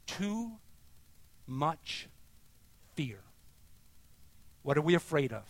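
A male pastor delivers a sermon at a slow, weighty pace. His voice sits a little high for a man, and he moves between emphatic declarations and hushed, near-whispered questions. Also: expressive, dry recording.

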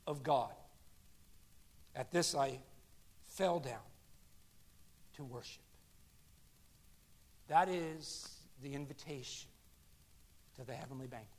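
A male pastor preaching a sermon, swinging between loud, ringing shouts and hushed, low asides. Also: slow pace, vocal fry, pauses often.

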